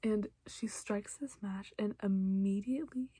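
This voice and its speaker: A young woman casually recapping a show for her vlog, chatty and emotional, often dropping to a soft hush. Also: mid-range voice, a little slow, slightly rough, no echo. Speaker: reaction vlogger.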